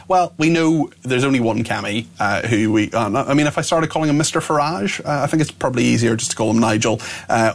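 A man hosting a talk radio show, reading out listener texts and chatting with a guest in a wry, loose way full of ums and uhs. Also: medium pitch.

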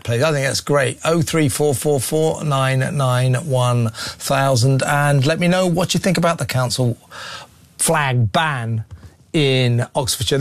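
A man hosting a talk radio show, speaking in an opinionated, sarcastic and animated way. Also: a little high, gravelly, no echo.

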